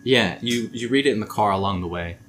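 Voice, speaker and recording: A man's voice: on the low side, fairly quick, a bit bright, a little hiss or hum. A man narrating as game master of a tabletop game, laid-back and hesitant, with frequent ums.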